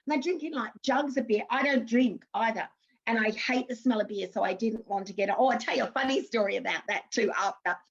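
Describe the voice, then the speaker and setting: A woman's voice: on the high side, brisk, slightly rough, highs cut off. An Australian woman in her fifties, a former TV actress, chatting through anecdotes in an interview with frequent restarts. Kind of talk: casual interview storytelling.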